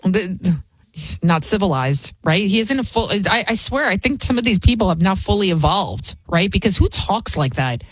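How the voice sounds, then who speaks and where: A woman's voice: mid-range voice, animated, normal speed, no echo, poor audio. A woman hosts a political opinion show, sounding heated and openly scornful. The recording is dry and close, with no room sound around her voice. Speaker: political commentary host. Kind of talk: opinion commentary.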